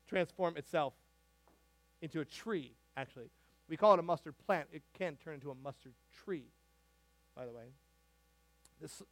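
A man preaching a sermon as a pastor, animated and conversational, with frequent asides and restarts. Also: high voice, dry recording. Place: church sanctuary.

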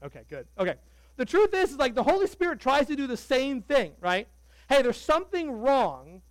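A man preaching a sermon as pastor, animated and conversational, joking with the congregation. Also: very high voice, brisk, dry recording, rough recording.

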